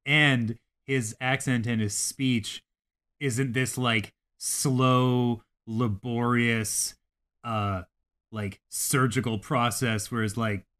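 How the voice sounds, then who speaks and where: A man's voice: mid-range voice, steady tone, slow, a bit bright. A man co-hosting a gaming podcast, talking casually and animatedly, swearing freely as he rants about games. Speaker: podcast co-host.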